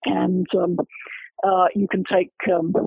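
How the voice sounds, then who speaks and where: Researcher guy explaining his book, highish raspy voice, sounds like a phone line. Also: monotone, slow pace, dry recording. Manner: lecturing, walks through examples step by step. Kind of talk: explanatory academic interview talk. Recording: tinny phone-line audio.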